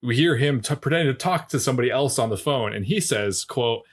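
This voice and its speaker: A man of middle pitch, the co-host of a podcast, walking the listener through a story recap. His delivery is steady and plot-focused, broken now and then by dry asides. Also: quick pace. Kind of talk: casual recap of a TV episode.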